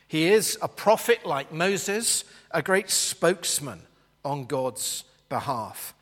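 A man teaching a Bible lesson, talking slowly and explaining patiently as he sketches a map for the class. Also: fairly high pitch, fairly bright tone, long reverb tail.

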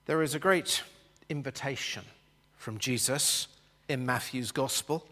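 A man teaching a Bible lesson, talking slowly and explaining patiently as he sketches a map for the class. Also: medium pitch, bright, forceful tone, big-room sound.

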